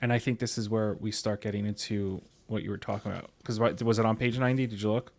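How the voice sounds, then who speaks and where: A man's voice: fairly low pitch, fairly even intonation, quick pace, vocal fry, a little mellow. A man hosting a podcast book club, casually paraphrasing a story from memory. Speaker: podcast host.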